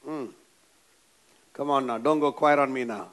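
A man's voice: medium pitch, steady tone, moderate pace, fairly bright tone. A man preaching a sermon, emphatic and repetitive, who keeps prompting the congregation to answer back. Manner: emphatic, repeats phrases, prompts the congregation for amens.

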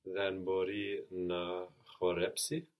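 Slow, deep-voiced male language learner. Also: flat delivery, phone-quality sound. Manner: tentative, answers after brief hesitation. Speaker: language student. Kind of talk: answering in a language lesson.

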